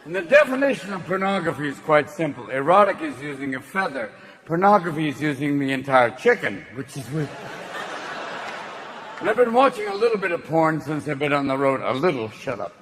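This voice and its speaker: A man performing manic, rapid-fire stand-up comedy. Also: on the high side, big pitch swings. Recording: noisy live stand-up venue.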